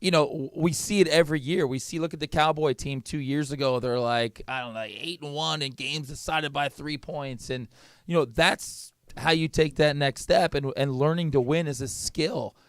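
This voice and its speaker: A man co-hosting a sports podcast in casual chat, fired up and opinionated, cracking quick jokes. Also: fairly high pitch, no room sound, clean studio sound.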